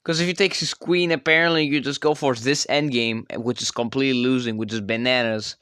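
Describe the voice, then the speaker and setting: Male commentator with a bright, crisp voice. Rambling and self-correcting. Dry, close mic. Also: medium pitch, steady tone, brisk, no echo. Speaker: chess channel creator. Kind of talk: casual game commentary.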